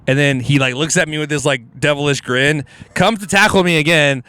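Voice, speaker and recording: A man, a comedian guest on a podcast, telling casual stories in an animated, rambling way with lots of fillers and restarts. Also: a little high, a little fast, clean tone.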